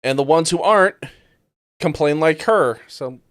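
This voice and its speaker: A man's voice: fairly high pitch, a little slow, fairly bright tone, dry recording, studio quality. A man hosting a podcast who reacts to news clips bluntly and sarcastically, swearing often. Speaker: podcast host. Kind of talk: casual commentary on news clips.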